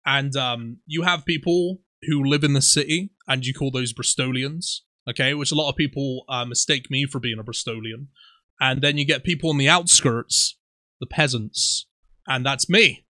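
A young man with a rural Somerset West Country accent chats on a podcast, spinning animated stories and swearing without a second thought. His voice is bright and forceful, recorded close and dry. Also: mid-range voice, moderate pace, dry recording. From Somerset, England. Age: 20s. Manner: animated storyteller, swears freely, laughs often. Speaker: podcast co-host. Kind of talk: casual chat.

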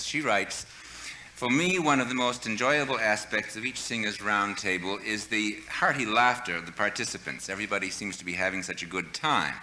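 A man's voice: lowish voice, sharp tone, roomy sound, a little hiss or hum, poor audio. A man hosting a radio talk show, introducing guests and reading listener letters in a formal, courtly announcer manner. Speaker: radio host. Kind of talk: scripted broadcast introductions.

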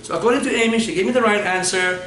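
A man's voice: high voice, rapid-fire, fairly bright tone, slight background noise. A man lecturing on anatomy in a classroom, playfully quizzing his students and laughing often. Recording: echoey classroom from far off.

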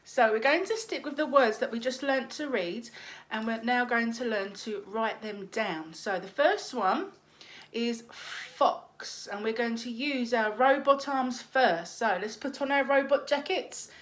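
Slow, encouraging woman teaching phonics. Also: fairly high pitch. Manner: slow, encouraging, sounds out letters. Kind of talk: phonics lesson for young children.

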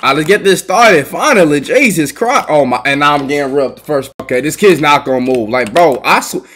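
Trash-talking young gamer, husky and lively. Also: male voice, a little high, moderate pace. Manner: trash-talking, swearing, yelling at other players. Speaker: gaming YouTuber. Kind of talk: live gameplay commentary.

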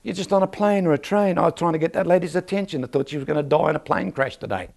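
A man's voice: fairly high pitch, fast talker, gravelly, darkish tone. A man preaching a sermon in a church, telling stories and asking the crowd for an amen. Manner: storytelling with rhetorical questions and calls for amen.

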